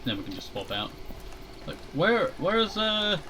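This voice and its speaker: A man's voice: sits high, sing-song, normal speed, noisy background. A young man casually chatting while playing a shooter game, laid-back and rambling, chuckling often. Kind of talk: casual gaming commentary.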